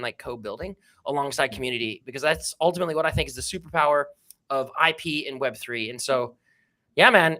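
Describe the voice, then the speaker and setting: A man's voice: fairly high pitch, bright, forceful tone. A man appearing as a guest on a casual livestream, talking in an enthusiastic, slangy, upbeat way. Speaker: guest, project founder.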